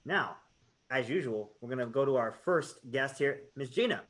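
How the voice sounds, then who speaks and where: A man's voice: medium pitch, expressive, moderate pace, fairly bright tone. A man hosting a film podcast in a casual, upbeat, joking way. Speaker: podcast host. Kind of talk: casual chat.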